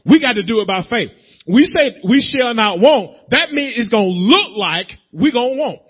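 Husky, high-pitched male preacher, driving rhythmic call-and-response, dull muffled recording. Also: big pitch swings, normal speed. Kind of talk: sermon.

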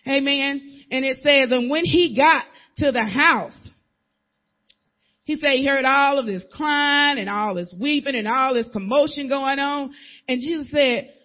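A woman's voice: high-pitched, unhurried. A woman minister delivers a sermon with emphatic repetition, hammering single words home and acting out the people she talks about in loose, casual speech. The recording sounds dull and lo-fi. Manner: emphatic, repetitive, acts out voices in casual dialect.

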